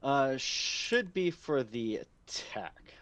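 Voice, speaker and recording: A man's voice: medium pitch, drawn-out words. Man game master narrating a tabletop game. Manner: relaxed, rambling narration with frequent fillers. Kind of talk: narrating a tabletop game over a live stream.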